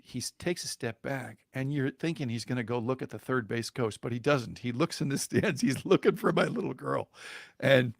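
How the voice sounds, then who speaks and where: A man spins a story on a podcast with a gravelly, mid-pitched voice. He chuckles through his telling and stumbles over the odd restart and filler. The sound is close and dry, with no room around it. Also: dry recording. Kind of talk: conversational storytelling.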